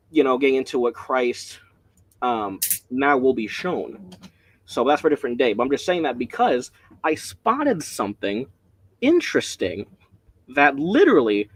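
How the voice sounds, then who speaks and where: A man leading a casual Bible study, rambling and excitable, often breaking off mid-sentence, speaking from home. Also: medium pitch, no room sound. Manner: rambling, excitable, self-interrupting.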